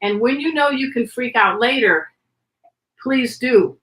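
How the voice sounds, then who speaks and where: A woman guest on a video podcast, teaching pet first aid with an energetic, demonstrative manner. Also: fairly high pitch. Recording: roomy echo.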